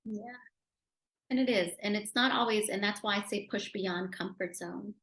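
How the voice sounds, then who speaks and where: Animated woman guest in a roomy space. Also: moderate pace. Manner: animated, emotional, rising loudly at high points. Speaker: interview guest, public speaker and author. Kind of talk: conversational interview storytelling. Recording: roomy echo.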